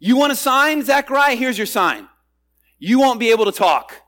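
Gabriel: a preacher voicing a stern, emphatic angel. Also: male voice, very high-pitched, expressive, very slow, voice pushed up, heavily acted. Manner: emphatic, declaiming.

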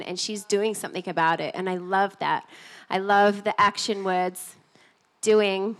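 A woman hosting a church conference, bubbly and giggly as she introduces the next speaker. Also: medium pitch. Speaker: event host. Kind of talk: emcee introduction.

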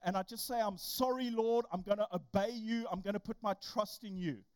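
A preacher voicing a repentant prophet praying earnestly, a little louder than his usual talk. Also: medium pitch, normal speed, clean tone, no room sound, natural voice. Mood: pleading.

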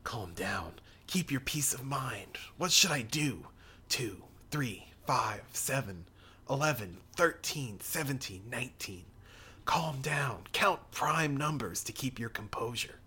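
A composed, scheming priest mutters to himself in a low, whispery hush, as a man reads him out from a comic. The voice is bright and sharp and swoops widely in pitch. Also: expressive, unhurried, husky, full character voice. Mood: muttering. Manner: muttering under his breath, mostly hushed and whispery. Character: composed, scheming middle-aged male priest. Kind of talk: reading comic dialogue aloud.

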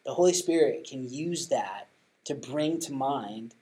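A man's voice: mid-range voice, expressive, measured pace, mellow, low-quality recording. Earnest man sharing parenting tips. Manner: earnest, many restarts, rising emphasis on key points. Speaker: podcast co-host giving parenting tips. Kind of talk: casual chat.

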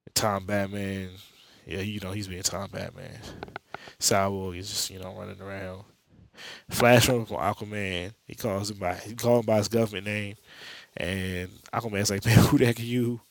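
A man's voice: sits low, steady tone, normal speed, gravelly. A man hosting a podcast, giving a rambling, profane, slang-filled recap of a comic book. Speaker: podcast host. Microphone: podcast mic.

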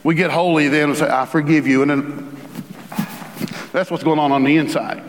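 A man preaching a sermon as a pastor, animated and acting out the voices he quotes. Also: on the high side, normal speed, background noise. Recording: reverberant hall.

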